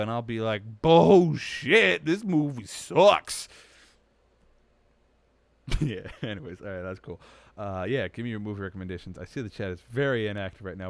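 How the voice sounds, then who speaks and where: A man's voice: lowish voice, no room sound. Young man, livestream host, casual chat, rambling, self-mocking, dry close recording. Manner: rambling, self-mocking, swings from mumbled asides to excited outbursts.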